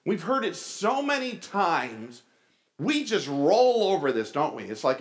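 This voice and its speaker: A male pastor preaching a sermon, telling stories with animated delivery and casual asides to the congregation. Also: a little high, unhurried.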